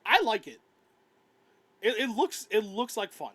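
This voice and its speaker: A man's voice: sits high, very animated, a little slow, fairly bright tone, husky, poor audio. A man co-hosting a podcast, chatting about games in a rambling way with frequent stammers and giggles. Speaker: podcast co-host. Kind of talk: casual gaming chat.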